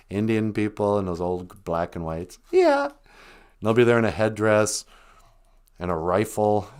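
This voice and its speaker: Lively chatty man on a live stream. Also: on the low side. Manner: animated storytelling with laughs and put-on quotes. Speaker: host. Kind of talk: casual live stream chat.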